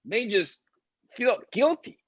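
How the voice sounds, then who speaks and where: A man's voice: very high-pitched, very animated, slow, slightly rough, no room sound, dull audio. A man, a pastor, teaching a Bible study in a conversational storytelling way.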